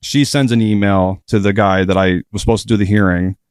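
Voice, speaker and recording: A man's voice: lowish voice, steady tone, a little fast, clear, resonant tone, dry recording, studio quality. A man who is a former prison officer tells a story as a guest in a casual podcast interview. His talk is blunt and profane, full of fillers.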